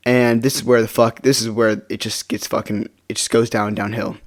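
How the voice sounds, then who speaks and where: A man's voice: fairly low pitch, level tone, moderate pace. Rambling man telling a storytime vlog. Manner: rambling with many restarts, drops to a near-mumble when glum. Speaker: vlogger. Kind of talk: casual storytime monologue. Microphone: face-cam setup.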